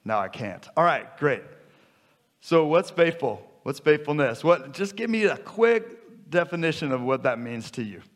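A man's voice: fairly high pitch, lively intonation, measured pace. A man in his fifties preaching a sermon in a conversational, joking way that builds to emphatic repetition. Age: 50s. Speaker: pastor.

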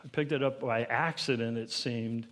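A man preaching a sermon to his congregation, building to emphatic, higher-pitched peaks and asking them questions directly. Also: fairly even intonation, normal speed, a bit bright. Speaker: pastor.

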